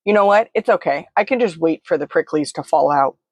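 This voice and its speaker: A woman voicing a frightened young girl who pleads in a sobbing, breathless, higher voice. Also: animated, brisk, slightly rough, no room sound. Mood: scared.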